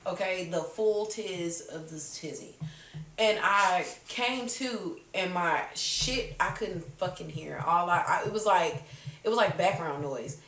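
A woman's voice: lowish voice, a little slow, fairly bright tone, far from the mic. A woman hosting a podcast, chatting casually with friends and telling a story animatedly, swearing freely and acting out the people she quotes. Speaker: podcast host. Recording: roomy, a bit off-mic.

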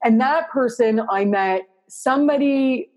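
A woman's voice: high-pitched, measured pace, darkish tone. A woman with a Canadian accent, an interior designer talking casually and at length in an interview, with many fillers. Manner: chatty, rambling, lots of fillers.

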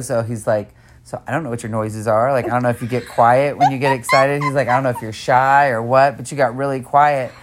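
Woman, low voice, casual chat, animated quoted voices, frank and profane, laughs a lot.

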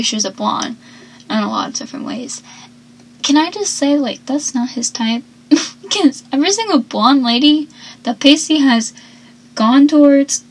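A woman's voice: fairly high pitch, rough recording. A woman chatting casually as she recaps a TV show, rambling and acting out the characters' lines. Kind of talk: casual chat.

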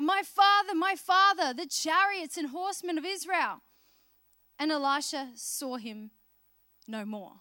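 A woman's voice: very high voice, bright, forceful tone, dry recording, studio quality. A woman preaching a sermon, telling Bible stories in a conversational way and acting out the characters' lines. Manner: conversational storytelling, acting out voices of biblical characters.

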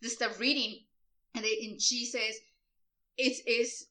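A woman chatting excitedly about a horror film, jumping in often. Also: fairly high pitch, unhurried, rough recording. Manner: excitable, jumps in, swears casually. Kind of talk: casual film recap chat.

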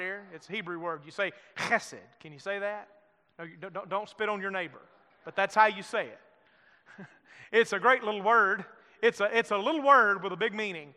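A male pastor preaching a sermon, swinging from loud emphatic lines to soft hushed ones and putting questions to the congregation. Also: very high voice, long reverb tail. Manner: asks the congregation questions and voices their objections.

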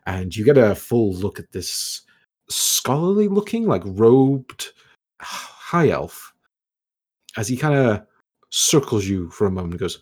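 A man narrating a tabletop game as game master, describing scenes in a relaxed way with many fillers. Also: on the low side, slow pace, breathy edge.

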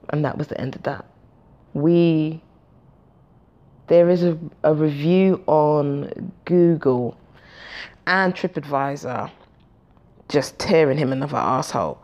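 A woman in her forties hosting a podcast, telling a story casually, swearing freely and acting out the dialogue. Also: sits low. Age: 40s. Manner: animated, profane, acts out dialogue. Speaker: podcast host.

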